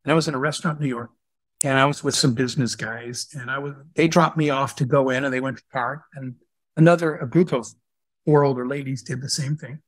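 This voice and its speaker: A man speaking as a guest entrepreneur in a live question-and-answer talk, telling stories in a lively, conversational way. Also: mid-range voice, brisk, dry recording, studio quality. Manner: animated storyteller who acts out dialogue.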